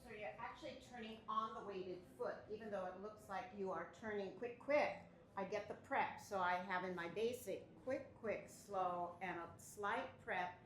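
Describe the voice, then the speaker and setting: A woman's voice: mid-range voice, a little hiss or hum. A woman explaining dance footwork in careful, precise terms while she demonstrates. Her voice sits mid-range and sounds roomy, picked up from some distance away from the mic. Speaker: dance instructor. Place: dance studio.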